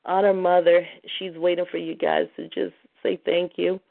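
A woman's voice: on the low side, level tone, normal speed, vocal fry, hardly any pauses. A woman hosting a spiritual call-in talk show, overwhelmed and near tears, who keeps breaking into laughter. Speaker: host. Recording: phone-line call-in audio.

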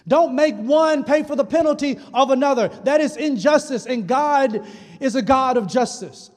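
A man's voice: very high voice, normal speed. A male pastor preaching a sermon, retelling scripture in a casual, humorous way. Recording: long hall reverb.

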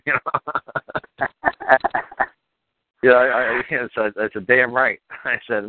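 A man's voice: mid-range voice, fairly even intonation, takes it slowly, long pauses, no room sound. A man telling rowdy, profane stories as a podcast guest, laughing often. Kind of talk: casual storytelling. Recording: tinny phone-like line, dry.

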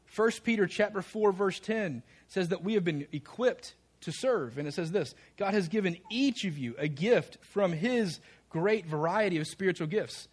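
A man's voice: high voice, animated, moderate pace, slightly rough. A male pastor preaching a sermon, reading scripture passages aloud and calling on the congregation to answer back. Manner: reads scripture aloud, pushes the congregation to respond.

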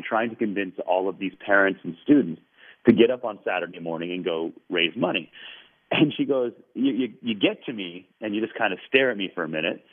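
A man's voice: fairly low pitch, slightly rough. A man telling a long story in an interview, quoting the people in it. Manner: animated, quoting others at length. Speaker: guest storyteller. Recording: tinny phone-line radio sound.

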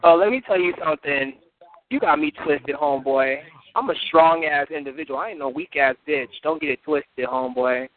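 A man's voice: a little high, fairly quick. A man in heated, profane trash talk, boastful and laughing between insults. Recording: tinny phone-like line.

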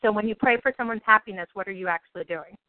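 Woman, spiritual teacher on a group call. Animated, acts out thoughts, tinny phone-line audio. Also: mid-range voice, racing, dry recording. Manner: animated, acts out inner monologues.

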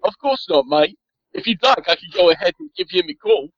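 A man's voice: extremely high pitch, very animated, normal speed, no room sound, muffled recording, voice pushed up. A man voicing a dim-witted male servant who talks with a bad, shifting put-on British and Australian accent, overly polite and servile, in a tabletop game.

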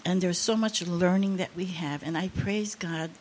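A woman's voice: on the low side, fairly even intonation, normal speed, a little hiss or hum. Impassioned older woman preaching. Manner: impassioned, emotional testimony with rising emphasis. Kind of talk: sermon.

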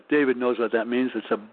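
A man's voice: medium pitch, no room sound. A man rambling through a profane, casual story with lots of swearing and restarts. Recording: tinny phone-like audio.

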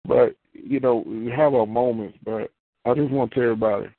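This pastor has a medium-pitched, steady voice and moves fairly quickly, preaching in an easygoing, conversational style. He repeats phrases and works up to fervent prayer, captured in a dry recording with tinny phone-line radio audio.

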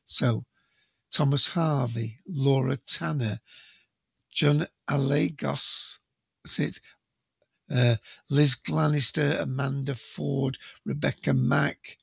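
A man's voice: mid-range voice, creaky, slightly rough, dry recording, muffled recording. A man hosting a podcast, reading news items aloud and commenting in a casual, hesitant way with frequent ums and restarts.

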